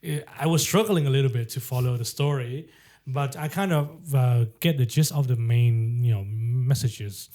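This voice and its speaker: A man leading a relaxed podcast conversation about a movie. He speaks in a measured way and often pauses on "uh" and "um". His pitch is in the ordinary middle range. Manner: measured, hesitant with "uh" and "um". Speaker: podcast host. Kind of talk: casual film discussion.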